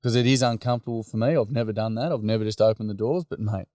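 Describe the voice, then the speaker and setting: A man's voice: on the low side, fast, dark tone, no room sound, clean studio sound. An Australian man, a workshop facilitator, telling stories in candid, blokey casual chat.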